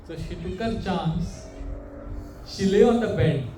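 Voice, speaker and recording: A man gives a sermon, telling stories and putting animated questions to his listeners. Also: high voice, slow, music in the background. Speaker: monk preacher. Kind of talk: sermon with storytelling. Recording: echoey room, mic far off.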